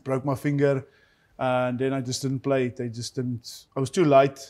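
A man in his thirties with a South African accent and an Afrikaans background talks in a laid-back, rambling way. His voice sits at an ordinary middle pitch. He laughs easily through his anecdotes. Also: little pitch movement, moderate pace, darkish tone. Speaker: guest rugby player. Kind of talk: casual storytelling interview.

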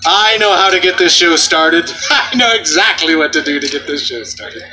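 A man performing as a street juggler, bantering and joking loudly with an outdoor festival crowd. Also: a little high, expressive, normal speed, noisy background. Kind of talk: comedic stage patter.

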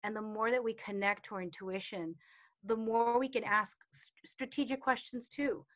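A woman with a fairly high voice talks about intuition in a chatty way, full of fillers. She acts out little quotes from her students. The sound comes over a video call. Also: steady tone, moderate pace, a bit bright. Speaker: meditation and intuition teacher. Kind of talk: casual talk in a live online session.

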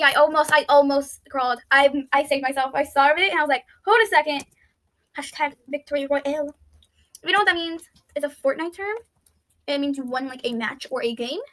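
Brief: high, bright-toned woman, excitable let's-play commentary, frantic repeated pleas. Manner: thinks aloud, with frequent "let's see" and "I don't understand". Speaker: YouTuber playing an online game. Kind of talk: casual gameplay commentary.

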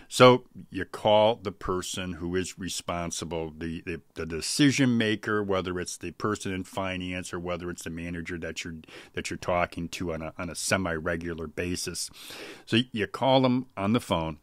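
A man's voice: deep voice, moderate pace, dry recording. A middle-aged man giving casual business advice, talking conversationally and often restarting his phrases. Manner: conversational, frequent restarts and repeated words. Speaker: small business coach. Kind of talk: casual advice talk to camera.

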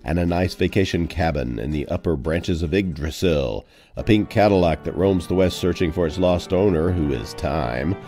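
A man's voice: deep voice, normal speed, few pauses, mellow. A man hosting a podcast, reading a scripted outro with dry, whimsical wording. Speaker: podcast host. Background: faint guitar music.

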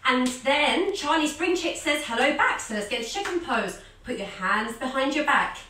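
A woman guides a children's yoga story in an animated, sing-song voice full of encouragement. Her voice is bright and clear. It rings in a very echoey room, picked up from some distance off the mic. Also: high-pitched, moderate pace, a little hiss or hum. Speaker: kids yoga teacher.

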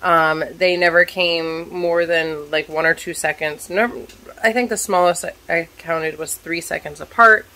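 A woman with a scratchy, hoarse voice chatting casually in a vlog, telling a story in an animated way while cooking at home. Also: lowish voice, unhurried. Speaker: vlogger, stay-at-home mom.

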